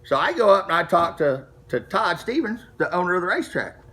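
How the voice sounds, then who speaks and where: Profane, animated middle-aged man. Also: high voice, brisk. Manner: profane, animated, acts out quoted dialogue. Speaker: street racer telling a story. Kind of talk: casual storytelling to camera.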